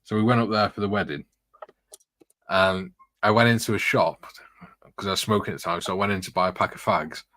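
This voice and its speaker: A man's voice: deep voice, steady tone, brisk, pauses often, bright, forceful tone, dry recording. A man hosting a casual chat, reading out comments and telling rambling stories, laughing often. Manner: chatty, rambling anecdotes with frequent laughs. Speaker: host reading viewer comments.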